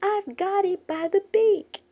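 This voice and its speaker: A woman's voice: high voice, animated, slow pace, gravelly, mellow, pitched above the performer's own voice, full character voice. A woman voicing a whiny little boy bear in a storybook, wailing and squealing.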